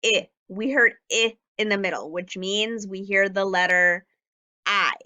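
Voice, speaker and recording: A woman leads a recorded phonics lesson for young children. She talks slowly and clearly, stretching each letter sound so it can be repeated. Her pitch sits in the middle range. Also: steady tone, pushed and bright, highs cut off. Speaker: teacher.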